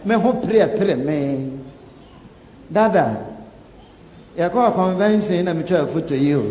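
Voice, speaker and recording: A man with a Ghanaian accent preaching a sermon, animated and laughing, acting out quoted lines. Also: high voice, a little hiss or hum. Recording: echoey hall with faint ambience.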